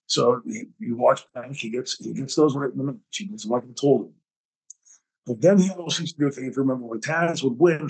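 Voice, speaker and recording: A husky-voiced man hosts his own podcast and spins backstage stories in a lively, profane storytelling style. He acts out the back-and-forth dialogue as he goes, with a mid-range voice. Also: mid-range voice, poor audio. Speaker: podcast host.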